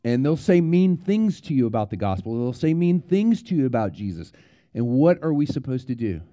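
Male pastor, children's sermon, animated storyteller, very mellow dark tone. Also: a little high. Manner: animated storyteller, repeats words, yells out quoted warnings.

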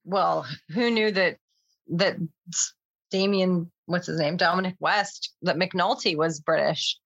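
A woman from the United States hosting a casual chat, relaxed and laughing often. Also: lowish voice, measured pace, gravelly, no room sound, muffled recording.

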